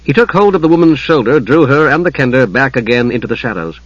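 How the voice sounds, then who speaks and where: A man reads a fantasy audiobook in a measured, dramatic way, his voice husky at a middling pitch. The recording is dry and close, with a slightly dull, muffled top end. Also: lively intonation, no room sound. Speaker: audiobook narrator. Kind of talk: scripted fantasy narration.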